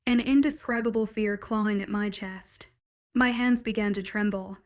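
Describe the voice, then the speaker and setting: Woman narrator for a first-person audiobook, steady storytelling. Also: mid-range voice, moderate pace.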